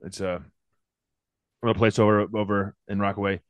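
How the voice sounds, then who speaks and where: A man's voice: fairly low pitch, normal speed, no room sound, highs cut off. A man co-hosting a podcast, telling a long exasperated story full of swearing. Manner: profane ranting storyteller; animated, exasperated. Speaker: podcast co-host. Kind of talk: casual chat.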